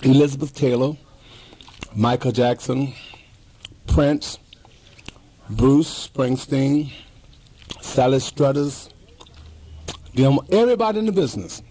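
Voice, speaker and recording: A man's voice: mid-range voice, slow pace, long pauses, mellow, slight background noise. A man in his fifties, talking in a casual interview with emphatic, heartfelt repetition. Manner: emphatic, repeats himself, heartfelt. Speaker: interview guest.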